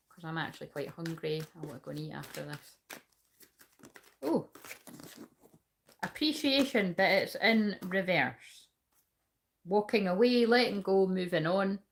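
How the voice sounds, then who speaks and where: A woman gives a tarot reading on a livestream, swearing freely as she chats casually with viewers and the chat between cards. Her fairly low, slightly bright voice keeps a measured pace.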